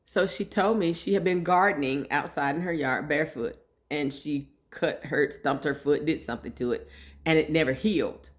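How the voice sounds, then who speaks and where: Animated woman host, storytelling straight to her listeners. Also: deep voice, moderate pace. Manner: chatty, animated, addresses listeners directly. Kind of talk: casual personal storytelling.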